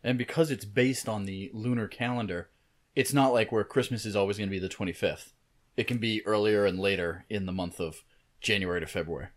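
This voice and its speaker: A man's voice: fairly low pitch, steady tone, brisk. A man co-hosting a podcast in casual chat, thinking aloud and rambling with lots of fillers. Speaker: podcast co-host.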